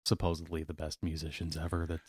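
A man's voice: a bass voice, completely flat delivery, fast, slightly rough, no echo. Chatty man, dry close sound. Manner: chatty, searching for words, sarcastic asides. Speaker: podcast co-host. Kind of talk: casual chat.

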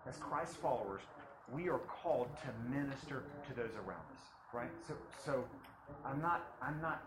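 A man in his thirties with a drawl preaches a sermon, his voice climbing high and loud, then dropping to quiet, close asides. He repeats phrases for emphasis. A steady hum of room noise sits under the recording. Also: normal speed. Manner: animated, swings from loud preaching to hushed asides.

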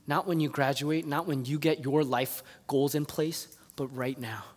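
A man delivers a sermon in a noticeably high voice. He tells stories with animation and swings between soft, hushed stretches and loud outbursts. A long reverb trails his words through the hall. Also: fairly even intonation, a little slow. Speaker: preacher.

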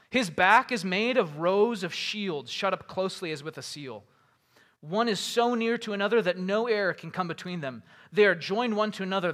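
A man delivers a sermon in a high, bright voice. He reads scripture aloud, then breaks into casual paraphrase. His emphasis climbs on each rhetorical question. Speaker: pastor.

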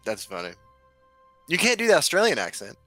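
A man's voice: on the high side, huge pitch swings, fairly quick, pushed and bright, dry recording, soft background music. A man co-hosting a casual stream chat, laid-back and joking, reading out messages from chat. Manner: laid-back, swears, laughs often, reads chat aloud. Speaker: stream co-host.

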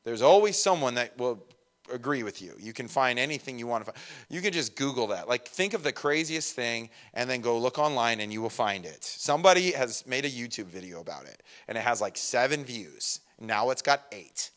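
A young man preaching a sermon in a casual, animated way, acting out quick voices of the people in his story. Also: mid-range voice. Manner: animated, acts out voices of disciples and Jesus. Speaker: pastor.

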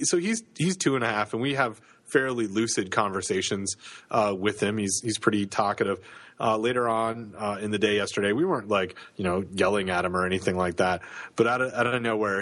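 A man's voice: on the low side, normal speed, a bit bright. A man in his thirties with a Canadian accent, co-hosting a podcast in casual chat, with many fillers and restarts. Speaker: podcast co-host.

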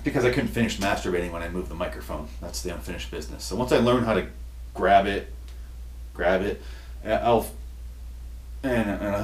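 A man hosting a comedy podcast, ranting in an exasperated, profane way, with his voice going hoarse. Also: sits low, brisk, long pauses, slight background noise. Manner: exasperated, profane, building to shouty outbursts. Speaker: podcast host. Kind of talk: comedic rant. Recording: roomy echo, distant mic.

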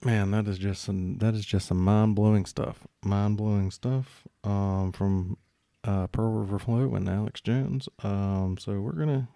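A man's voice: fairly low pitch, fairly even intonation, unhurried, gravelly, dark tone, no echo. A man hosting a podcast in a joking, mock-indignant, rambling way. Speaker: podcast host.

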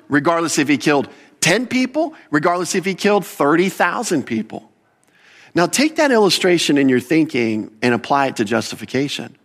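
Male pastor, mid-pitch voice, lively animated sermon delivery with sharp upward jumps for emphasis. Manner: animated preaching, rising pitch on emphatic points, asides and self-corrections.

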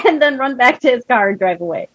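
A young woman co-hosting a podcast, telling stories in profane, animated casual chat. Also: high-pitched, normal speed, slightly rough, dry recording, poor audio. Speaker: podcast co-host.

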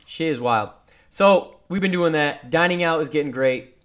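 A man's voice: fairly high pitch, normal speed, fairly bright tone. A man co-hosting a casual podcast chat, rambling and teasing his friend, with frequent swearing. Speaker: podcast co-host.

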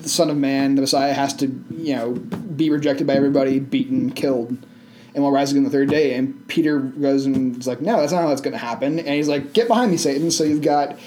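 A man co-hosting a casual Bible study in a library, reading verses aloud and adding relaxed, slangy asides. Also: mid-range voice, fast. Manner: laid-back, slangy asides. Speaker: co-host reading scripture aloud.

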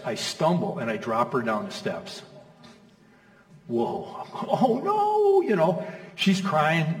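A middle-aged male pastor preaching a sermon in a conversational, storytelling way, acting out quoted voices, in a church hall. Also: mid-range voice. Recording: echoey hall from far off.

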